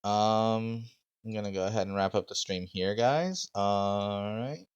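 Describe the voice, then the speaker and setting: A man with a very deep voice runs a tabletop game on his stream. He speaks slowly and haltingly, filling pauses with ums and uhs, on a dry, close mic. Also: clean tone, dry recording, lo-fi sound. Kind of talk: casual game mastering on stream.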